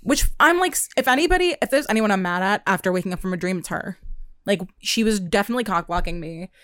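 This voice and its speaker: A woman's voice: medium pitch, lively intonation, fast, a bit bright, clear, resonant tone, dry recording, studio quality. A young woman in casual chat, telling stories with animation and swearing freely, acting out her own outbursts.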